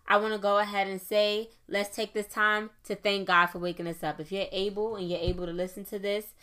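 Young woman podcast host; quick, chatty delivery with a bright, forceful edge. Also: medium pitch, flat delivery. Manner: chatty, fast-talking, affirming with "okay?". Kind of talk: casual faith podcast monologue.

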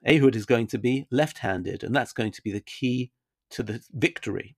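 A man explains a Bible chapter in an unscripted lesson. His voice sits at a middle pitch, and he talks thoughtfully, working through each point with fillers and small restarts. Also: moderate pace. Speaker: Bible teacher.

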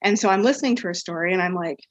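Racing along in a voice on the low side, a podcast guest who does equine therapy spills out a rambling personal story thick with "um" and "like." The recording is low quality, with a little hiss or hum.

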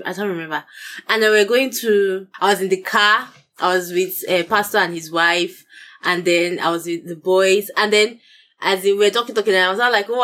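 A woman in a casual chat with her husband. She is chatty and teasing, and her pitch jumps up when she presses a point. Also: pushed and bright. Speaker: podcast co-host, married to the other speaker.

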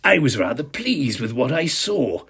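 Pompous, lively-voiced male narrator. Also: medium pitch, measured pace, husky. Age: 50s. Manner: pompous, self-satisfied, arch. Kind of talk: first-person audio drama narration.

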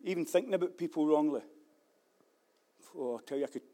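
A man preaching a sermon as pastor, moving between loud fervent stretches and quiet reflective ones, repeating key phrases. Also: a little high, fairly quick. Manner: acts out quoted voices and repeats key phrases.

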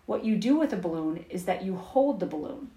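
A woman's voice: on the low side, lively intonation, brisk, dark tone. A woman reading the lines of a kind, simple teddy bear from a storybook, over an echoey intercom. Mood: cheerful.

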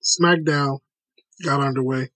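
A man's voice: mid-range voice, fairly even intonation, takes it slowly, fairly bright tone, dry recording, poor audio. A man hosting a casual podcast chat, steering the talk and recapping events.

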